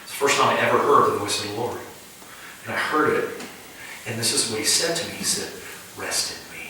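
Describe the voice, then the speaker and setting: A man preaching at a house church, telling a dream story in vivid first person with halting restarts. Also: mid-range voice, bright, forceful tone, slight background noise. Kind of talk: conversational sermon storytelling. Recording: echoey room, distant mic.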